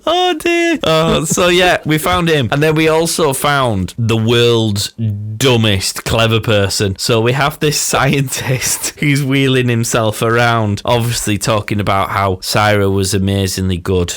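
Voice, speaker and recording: A man's voice: mid-range voice, fairly even intonation, a little slow, hardly any pauses, fairly bright tone, no room sound, studio quality. A man co-hosting a podcast, chatting casually with sardonic, ranting asides. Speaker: podcast co-host. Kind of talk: casual chat.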